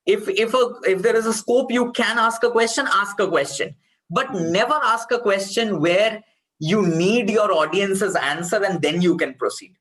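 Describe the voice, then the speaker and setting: A man's voice: high voice, normal speed, a bit bright, rough recording. A man with an Indian accent giving an online workshop on speechwriting, stressing points by repeating key phrases. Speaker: speech trainer.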